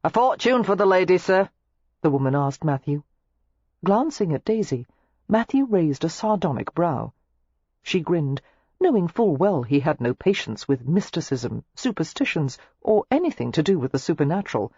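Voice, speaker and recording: A woman narrating a romance novel audiobook in an expressive, measured way. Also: low-pitched, husky, no echo. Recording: dry, slightly muffled lo-fi recording.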